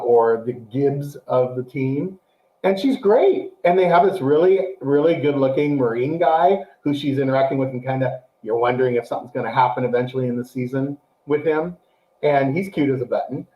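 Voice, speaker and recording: Chatty man in an echoey room. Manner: animated, acts out quotes in a high excited voice. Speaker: podcast co-host. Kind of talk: casual chat, show review.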